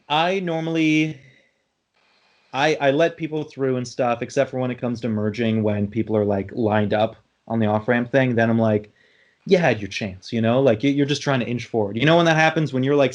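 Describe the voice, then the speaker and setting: A man's voice: medium pitch, steady tone, a little fast. Rambling young man telling a story. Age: young adult. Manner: rambling storyteller, swears, many restarts. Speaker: podcast host. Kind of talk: casual chat.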